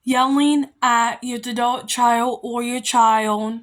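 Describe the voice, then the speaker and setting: A woman's voice: on the high side, steady tone, slow pace. A young adult woman vlogging parenting advice in a rambling, emphatic, repetitive way. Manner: rambling, emphatic, repeats herself. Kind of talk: casual monologue.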